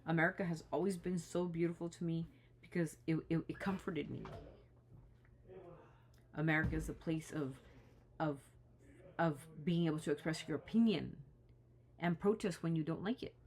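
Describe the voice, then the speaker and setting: A woman's voice: deep voice, moderate pace, pauses often, a little mellow. A woman talking straight to the camera in an impassioned vlog, indignant and pleading, often restarting her sentences. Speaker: vlogger.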